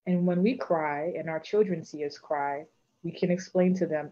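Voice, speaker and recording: A woman's voice: on the low side, steady tone, moderate pace, warm tone. Encouraging woman coach, lo-fi sound. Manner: encouraging, repeats phrases for emphasis. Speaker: life coach guest. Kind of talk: advice in a live interview. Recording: dull lo-fi sound.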